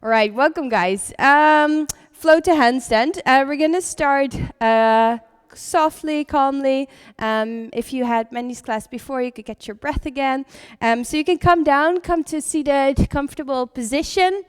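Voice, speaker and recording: A young adult woman teaching a live yoga class, giving calm step-by-step cues for breathing and posture. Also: sits high, dry recording, studio quality. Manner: chatty and laughing at the start, then slow and calm cueing. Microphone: livestream setup.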